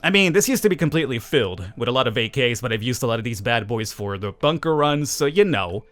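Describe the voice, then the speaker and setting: Lively, sarcastic male gaming host. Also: mid-range voice, fast talker. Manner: playful, sarcastic, talks to viewers with rhetorical questions. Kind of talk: casual let's-play commentary.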